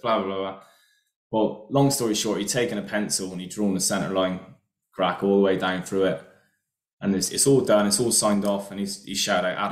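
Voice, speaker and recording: A man tells work anecdotes in a relaxed, self-mocking way. His voice sits a little low. The sound is roomy, with a noticeable echo. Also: a little fast. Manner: chatty anecdotes, laughs at himself. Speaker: welding inspector guest. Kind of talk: casual storytelling.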